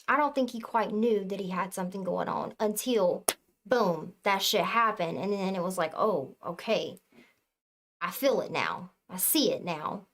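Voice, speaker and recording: A woman talking to her viewers as a spiritual reader, in casual, earnest and emphatic speech that swears freely. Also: medium pitch. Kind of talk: casual spiritual talk to camera.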